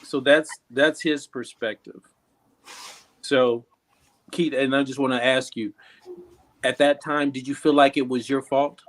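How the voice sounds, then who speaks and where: A man in casual conversation who gently asks questions and starts telling his side, with fillers. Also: mid-range voice, fairly even intonation, a little slow, pauses often. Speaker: co-speaker asking questions.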